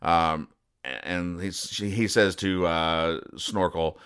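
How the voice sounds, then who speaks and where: A man hosting a podcast, recapping comic strips in a casual, deadpan way and explaining each joke. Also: deep voice, takes it slowly, smooth. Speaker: podcast host.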